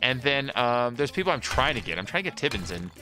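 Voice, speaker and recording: A man's voice: mid-range voice, sing-song, quick pace, music in the background. A man chatting casually while playing a game, joking around and throwing out rhetorical questions.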